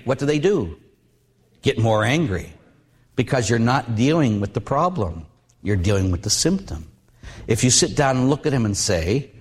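A middle-aged man preaching as a Catholic priest, mixing plain talk with stories. His delivery is animated, and he acts out quoted lines with sudden big jumps in pitch. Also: normal speed, breathy edge. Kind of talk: storytelling sermon.

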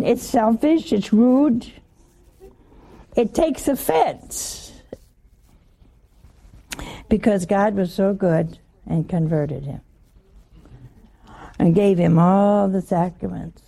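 An older woman gives a homey, informal sermon at an unhurried pace. Her voice is gravelly and mellow, and she keeps asking her listeners questions and laughing along with them. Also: medium pitch, lively intonation. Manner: chatty, asks the listeners questions, laughs often. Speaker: religious teacher.

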